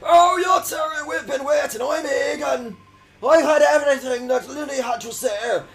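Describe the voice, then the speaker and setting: A man voicing an impatient old retired champion trainer, shouting his lines in an overeager way. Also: very high voice, moderate pace, music in the background, pitched above the performer's own voice.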